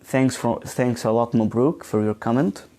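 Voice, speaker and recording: A man giving a live online pronunciation lesson, speaking slowly with frequent ums and restarts and reading out viewer comments. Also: medium pitch, warm tone. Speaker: English teacher trainer. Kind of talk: live online teaching session.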